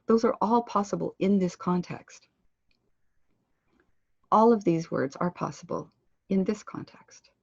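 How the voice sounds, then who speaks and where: A woman giving an online pronunciation lesson, speaking clearly and deliberately and slowing down to model words. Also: mid-range voice, a little mellow, dry recording, highs cut off. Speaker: pronunciation instructor. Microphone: computer microphone on a web conference.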